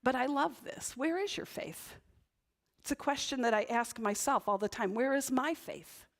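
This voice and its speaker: A Northern New England woman pastor, high-pitched and speaking at normal speed, gives a conversational sermon in church. She talks casually, regularly tacking "right?" onto her points.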